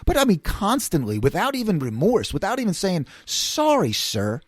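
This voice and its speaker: A lively, storytelling man with a New York accent, his voice climbing and falling as he acts out the people in his anecdotes. His tone sits a bit high for a man, and the sound is close and dry with no room around it. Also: fairly quick, breathy edge, no room sound. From New York City area. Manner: animated, acts out quoted voices, laughs often. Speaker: podcast host. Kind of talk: casual storytelling monologue.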